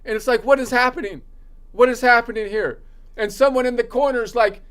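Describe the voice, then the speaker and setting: A man's voice: very high-pitched, fairly even intonation, brisk, a bit bright. A man practicing stand-up jokes in a sarcastic, ranting delivery, slipping into mocking voices for the people he quotes.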